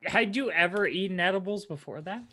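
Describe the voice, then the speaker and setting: A man hosting a casual interview, who laughs often and asks questions. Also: high voice. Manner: laughs often, slow and lively. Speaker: host.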